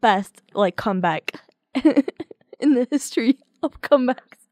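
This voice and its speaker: A young Irish woman with a high voice chats on a podcast, giggling often and swearing casually as she tells stories. Her voice is recorded close and dry, with no room sound. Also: animated, measured pace, a little mellow, no room sound. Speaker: podcast co-host. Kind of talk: casual chat.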